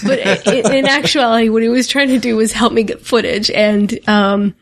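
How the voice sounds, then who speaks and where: A woman with a slightly high voice co-hosts a laid-back game podcast. She rambles through her story and keeps laughing at herself between phrases. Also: fairly even intonation, normal speed. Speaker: podcast co-host. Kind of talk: casual video game podcast chat.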